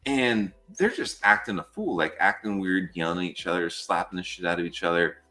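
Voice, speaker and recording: Speaking fairly quickly in a low-pitched voice, this fire patrol worker from the United States, a man in his thirties, is a guest on a podcast. He tells stories in a loose, animated way, cursing freely and tossing in "dude" often.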